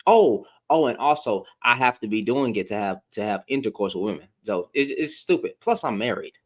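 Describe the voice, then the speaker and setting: A man's voice: medium pitch, expressive, fairly quick. A man ranting to his followers in a blunt, heated, profane way, repeating himself and restarting lines as he gets worked up. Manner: blunt, heated, profane, rising to exasperated outbursts. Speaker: social media commentator. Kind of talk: heated casual rant to followers.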